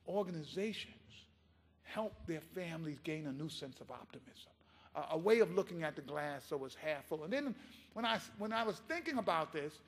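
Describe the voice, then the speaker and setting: A man giving a keynote speech, telling a story in an impassioned, animated way. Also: high-pitched, in a large hall. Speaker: keynote speaker.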